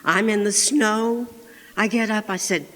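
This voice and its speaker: A woman storyteller performing a childhood tale live, animated, with sound effects and hushed whispered asides. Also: mid-range voice, a little slow. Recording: echoey hall with long reverb.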